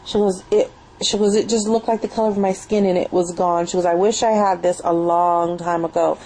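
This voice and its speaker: A woman's voice: on the low side, steady tone, a little fast, mellow, poor audio. A young woman chatting enthusiastically at home in a rambling product review, recorded on a built-in webcam mic. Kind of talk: casual spoken product review.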